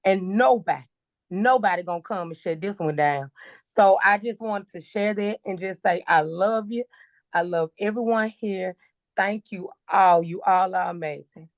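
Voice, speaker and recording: A woman's voice: mid-range voice, normal speed, no echo. A woman co-host giving a fervent, emphatic testimonial on a video call. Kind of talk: emotional testimonial on a group call. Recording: dull, dry call audio.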